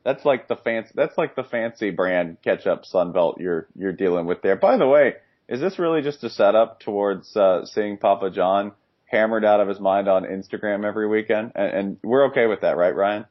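A man with a fairly low voice riffs through casual sports banter, joking fast and sometimes breaking into loud bursts. The recording is dull and lo-fi, like a home podcast setup. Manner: quick jokey riffing, sudden loud outbursts. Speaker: podcast co-host. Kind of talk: casual comedic sports chat.

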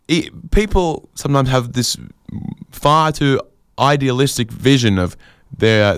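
A man telling a long, wry anecdote in a casual, chatty way, with quick asides and fillers. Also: medium pitch, smooth, dry recording, studio quality. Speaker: storyteller.

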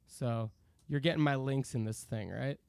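A man's voice: medium pitch, normal speed, creaky, a little mellow, dry recording. A man co-hosting a casual podcast, reading listener emails aloud and joking around. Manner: reads listener emails aloud, jokey, slips into silly voices. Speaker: podcast co-host.

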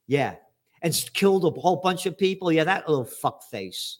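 Man, political commentary rant, sarcastic and foul-mouthed, somewhat high voice, bursts into shouting. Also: animated, moderate pace. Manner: sarcastic, profane, rising to angry shouts.

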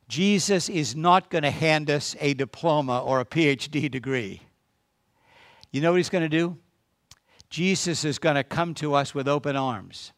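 A man's voice: on the high side, no echo, clean studio sound. A man preaching as a guest to a congregation, telling a story and then urging listeners on with emphatic exhortation. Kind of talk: sermon.

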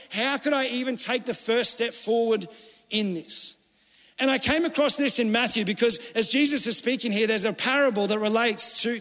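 A man's voice: very high-pitched, fairly bright tone. A middle-aged man, a pastor preaching a sermon in a conversational, storytelling way, acting out the people he quotes. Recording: long hall reverb.

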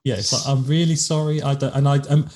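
A man's voice: medium pitch, steady tone, fast talker, a little mellow. Chatty English man co-hosting a podcast. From England. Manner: chatty, rambling, with frequent restarts. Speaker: podcast co-host. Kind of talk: casual chat.

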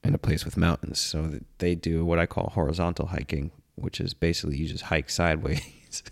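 A man's voice: low voice, little pitch movement, brisk, gravelly. A man, hosting a casual comedic monologue in a rambling, profane, self-mocking way. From United States. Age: 30s. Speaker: podcast host.

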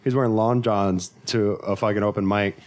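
Low-voiced man telling a rambling story. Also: fairly even intonation, moderate pace, a little mellow. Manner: profane, rambling anecdote with frequent fillers. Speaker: stand-up comedian and Marine veteran. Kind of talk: casual podcast storytelling.

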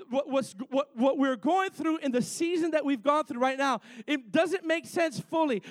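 A man's voice: very high-pitched, dry recording. A male preacher delivering a fervent sermon to his church, repeating phrases and calling for amens.

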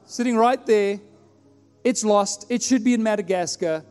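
High-voiced pastor telling a story. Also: male voice, normal speed, smooth. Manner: animated storyteller, acts out his own prayers. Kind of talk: sermon with personal story. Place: church hall. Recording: long hall reverb, faint music.

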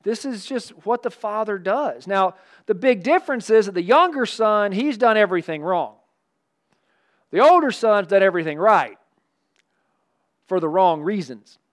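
Pastor, man, light high voice, chatty animated preaching with jokes. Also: normal speed, pauses often. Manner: animated, conversational preaching with asides and humor. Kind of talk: sermon.

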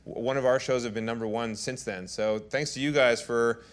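A man telling animated stories on stage to a live audience, playing to the crowd. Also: medium pitch, normal speed. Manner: animated storyteller who plays to the audience. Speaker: TV host talking with an interviewer. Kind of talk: lively on-stage anecdotes.

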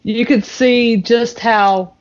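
A woman co-hosting a casual chat, animated and giggly, acting out other people's lines as she tells a story. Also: fairly high pitch, slow. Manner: animated, giggly, acts out quotes. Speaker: co-host. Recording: slightly dull sound.

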